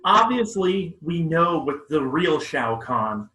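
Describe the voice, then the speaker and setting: A man's voice: a little high, sing-song, takes it slowly, sharp tone. Upbeat man in an echoey room. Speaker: co-host. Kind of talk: casual gaming chat.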